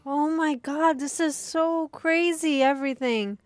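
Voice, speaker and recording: A woman co-hosting a movie reaction, chatting casually and gasping with excitement. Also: high-pitched, a little slow, dry recording.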